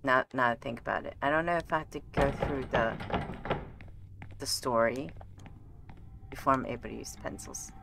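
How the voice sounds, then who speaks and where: A woman streamer thinking aloud while playing a game, chatty and given to quick exclamations. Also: extremely low pitch, creaky, background noise. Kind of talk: casual gameplay commentary.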